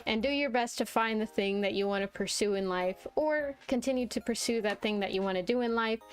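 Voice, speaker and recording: A woman's voice: fairly high pitch, a little fast, smooth, soft background music. A young woman streaming, chatting casually and giggling often as she rambles with self-deprecating restarts. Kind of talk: casual live-stream chat while drawing.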